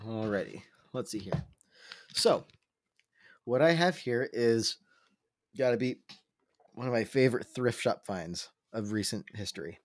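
A man's voice: lowish voice, lively intonation, measured pace, pauses often, no echo, studio quality. A young man co-hosting a casual podcast chat, joking and punning. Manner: joking, punning, self-deprecating. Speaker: podcast co-host.

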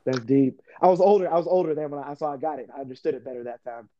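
A man hosting a casual podcast chat, talking in an animated way, laughing often and acting out remembered conversations. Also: on the high side, rapid-fire, highs cut off. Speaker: podcast host.

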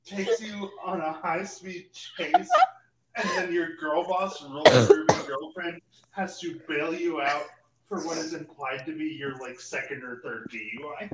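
A podcast co-host with a fairly high voice and a slightly slow pace retells a movie plot in casual chat, laughing often and swearing freely as he rambles. The sound is roomy, with a distant mic and faint noise.

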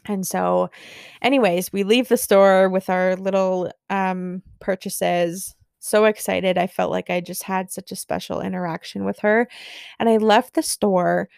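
Girl podcasting, gushy and chatty, gravelly fry, smooth clean voice. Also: mid-range voice, unhurried, no echo, studio quality. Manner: gushing, excitable, lots of fillers. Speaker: podcast host. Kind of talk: casual storytelling monologue.

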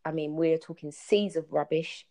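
Animated woman telling travel stories. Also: deep voice, moderate pace. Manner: animated storyteller, acts out quotes. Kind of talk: casual podcast chat.

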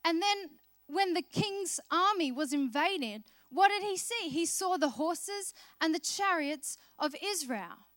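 Woman preacher, high voice, dry close sound, chatty storytelling sermon. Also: expressive, slow pace, fairly bright tone, no echo. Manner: conversational storytelling, acting out voices of biblical characters.

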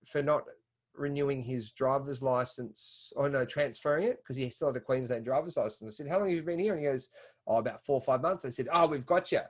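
A man's voice: medium pitch, brisk. A man with an Australian accent, talking animatedly in a casual podcast conversation, often repeating words as he builds his point. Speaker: podcast guest.

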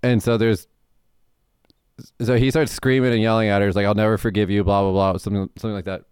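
A man's voice: on the low side, little pitch movement, fast, darkish tone, clean tone, no echo, clean studio sound. A man co-hosting a podcast in casual chat, blunt and rambling, swearing freely. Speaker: podcast co-host.

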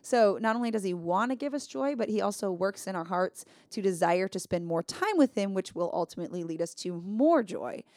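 A woman talking through a Bible passage in a casual, earnest way, leaning hard on the points she cares about. Her voice sits at an ordinary middle pitch. The sound is dry and close. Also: lively intonation, fairly quick, hardly any pauses, a little mellow, dry recording. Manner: earnest, emphatic, thinking aloud with fillers. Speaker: podcast co-host. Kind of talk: casual Bible study chat.

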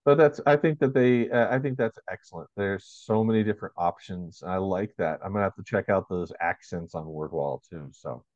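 Low-voiced man, dull lo-fi chat. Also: moderate pace, hardly any pauses, darkish tone, no room sound. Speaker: ESL teacher in conversation. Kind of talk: casual interview chat.

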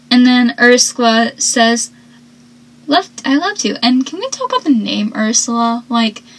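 A young woman with a slightly high voice talks through a TV episode in a loose, rambling way. She fills her sentences with "like" and corrects herself as she goes, in a relaxed recap style. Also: creaky, poor audio. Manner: chatty, rambling, with frequent "like" and self-corrections. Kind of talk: casual episode recap and commentary.

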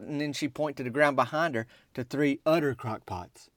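A man, telling a folksy comic story in a drawling, deadpan small-town voice. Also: medium pitch, moderate pace, no room sound, clean studio sound. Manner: drawling Southern-style rural dialect, deadpan storytelling. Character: small-town softball player telling his tale.

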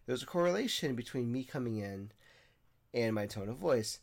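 A man's voice: mid-range voice, lively intonation, moderate pace, vocal fry. Earnest young man talking in rambling bursts. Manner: earnest, rambling, with frequent restarts. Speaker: podcast host. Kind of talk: casual monologue.

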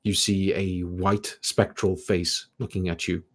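A man narrating a tabletop game as game master, describing scenes in a relaxed way with many fillers. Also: low voice, measured pace, breathy edge.

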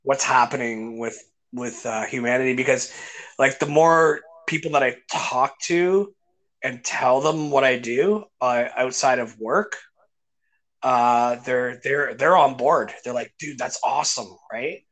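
A male podcast host tells stories enthusiastically in a medium-pitched, fairly bright voice, speaking a little slowly. The chat is casual and full of fillers and restarts.

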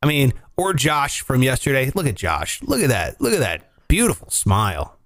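On his casual comedy talk show, this morning host is an animated storyteller who cusses without restraint. His voice is mid-range and moves at a normal speed.

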